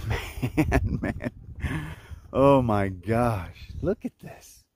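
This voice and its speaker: A man vlogging on a mountain top while hiking, talking in a relaxed, rambling, awed way. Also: medium pitch, drawn-out words. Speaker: hiker vlogger. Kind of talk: casual outdoor vlog. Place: mountain summit outdoors.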